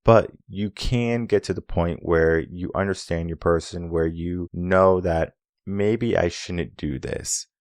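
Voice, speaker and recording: A man with a very deep voice talks through relationship advice as a coach. The sound is dry and close. He drives his points home with rhetorical questions and acts out snippets of dialogue. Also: slow pace, dry recording. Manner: acts out quoted dialogue in an animated way. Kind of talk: solo advice talk.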